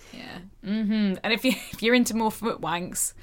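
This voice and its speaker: A woman co-hosting a podcast, chatting casually, excitable and giggly, swearing freely. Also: medium pitch, measured pace. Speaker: podcast co-host. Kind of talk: casual chat.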